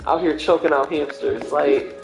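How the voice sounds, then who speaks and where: A woman's voice: low-pitched, fairly even intonation, normal speed. A young woman chatting casually as a livestreamer, rambling through stories with lots of fillers. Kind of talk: casual chat. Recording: roomy echo with faint music.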